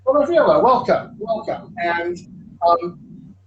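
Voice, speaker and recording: A man's voice: sits high, expressive, slow, dull audio. A man hosting a live online Q&A as a dialect coach, encouraging and emphatic, often repeating words for stress. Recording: echoey room, faint ambient noise.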